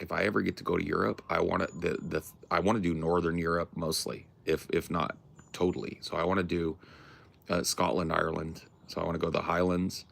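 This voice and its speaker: Deep crackly guy streaming, rambly and sweary, just chatting w chat. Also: creaky. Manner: rambling, profane, slangy. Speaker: livestream host. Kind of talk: casual chat with a live chat.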